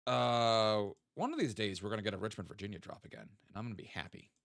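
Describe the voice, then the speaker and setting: A man's voice: on the low side, fast, creaky, fairly bright tone, no room sound, clean studio sound. A young man, chatting casually with viewers while playing a geography game and thinking aloud. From American South. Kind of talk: casual live-stream chat.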